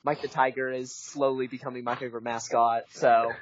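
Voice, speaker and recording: A man on a podcast, animated and incredulous, rambling casually about college football bets. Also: medium pitch, brisk, no echo. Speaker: podcast co-host. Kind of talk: casual sports-betting chat. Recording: dry, muffled close-mic podcast audio.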